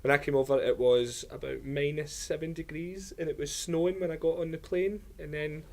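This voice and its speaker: A man's voice: fairly high pitch, fairly even intonation, a little fast. A man from Glasgow with a Scottish accent, a reporter on a kids' news show, chatting playfully with jokes and stories. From Scotland. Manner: playful, joking storyteller.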